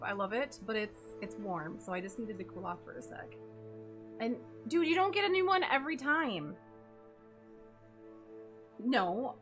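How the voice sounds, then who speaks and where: A woman livestreaming a game with friends, excitable and loud, swearing freely and often breaking into laughter. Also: fairly high pitch. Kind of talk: casual gaming livestream chat.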